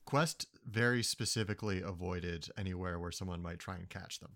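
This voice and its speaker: Very low-voiced wry woman player. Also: a little fast, fairly bright tone. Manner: dry, wry remarks. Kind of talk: tabletop role-play chat.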